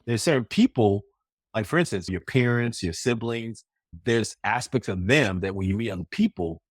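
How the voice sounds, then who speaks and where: A man's voice: fairly low pitch, expressive, moderate pace, husky, no echo, clean studio sound. A man co-hosting a podcast in casual chat, reflective and rambling, laughing often. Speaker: podcast co-host.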